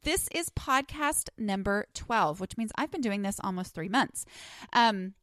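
A woman talks through her solo podcast in a loose, chatty way, wandering into asides and filling pauses with ums. Her voice sits at an ordinary middle pitch for a woman. It is recorded close and dry, with no room sound, while she sits at home under a blanket. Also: expressive, a bit bright, dry recording. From Texas. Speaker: podcast host. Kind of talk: casual solo podcast chat.

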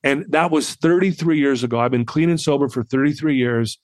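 A man in his fifties, a podcast guest telling a personal story in an animated way and acting out the people in it. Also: medium pitch, a little fast, no echo.

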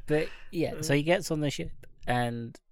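A man co-hosting a podcast, chiming in with short agreeing remarks and quick comments. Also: on the high side, clear, resonant tone, no room sound, clean studio sound. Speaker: podcast co-host. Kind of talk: casual chat.

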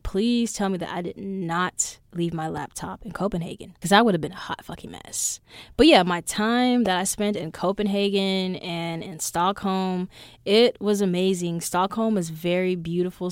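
A young adult woman hosting a podcast, telling stories in a casual monologue that is animated and full of swearing. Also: on the low side, no echo, clean studio sound. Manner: profane, animated storyteller. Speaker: podcast host.

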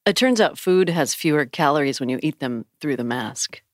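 A woman's voice: sits low, lively intonation, normal speed, dry recording. Giggly woman podcast co-host, dry sound. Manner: giggly, self-deprecating joking. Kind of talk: casual podcast chat.

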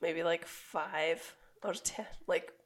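A young woman co-hosting a podcast, hoarse and raspy from being sick, telling a rambling story with laughs. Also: on the low side, steady tone, takes it slowly. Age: young adult. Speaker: podcast co-host. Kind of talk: casual chat.

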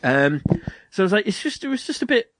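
A young man hosting a casual podcast, telling a story in an animated way and acting out the dialogue. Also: sits high, fast talker, background noise. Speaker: podcast host. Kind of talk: casual chat.

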